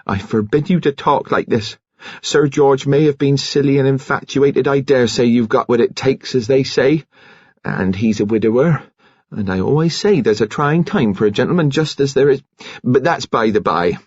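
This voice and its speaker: A man reading an audiobook and voicing a prim, indignant middle-aged nurse who scolds in a shrill, quavering voice. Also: animated, normal speed, darkish tone, slightly rough, dry recording, highs cut off.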